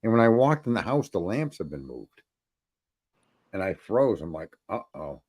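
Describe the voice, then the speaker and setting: A man's voice: low-pitched, sing-song, moderate pace, a little mellow, husky, dry recording. A man hosting a casual talk show, telling crude rambling anecdotes full of swearing and laughter. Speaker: host. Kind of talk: crude casual podcast storytelling.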